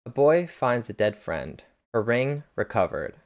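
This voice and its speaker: A man's voice: mid-range voice, sing-song, unhurried. A man reading dramatic recap captions aloud in a casual way, stumbling over words now and then. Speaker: reader narrating a webcomic.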